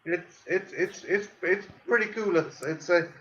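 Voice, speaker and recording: An Irish man with a high, bright voice talks in loose chat, tripping over his own words and cursing as he goes. The sound is dull and lo-fi. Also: measured pace, a little hiss or hum. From Ireland. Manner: profane, stumbling restarts. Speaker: podcast co-host. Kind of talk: casual chat.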